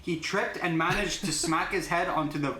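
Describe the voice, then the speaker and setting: A man's voice: a little high, moderate pace. A young man co-hosting a podcast, rambling and enthusiastic with lots of fillers. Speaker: podcast co-host. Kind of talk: casual chat. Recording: echoey room, faint noise.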